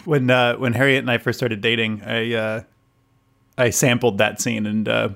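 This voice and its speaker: A man's voice: mid-range voice, little pitch movement, normal speed, vocal fry, fairly bright tone. Guy co-hosting a chatty podcast, rambly, lots of ums, laughs a lot. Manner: laughs often, rambling with many fillers. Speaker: podcast co-host. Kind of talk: casual chat.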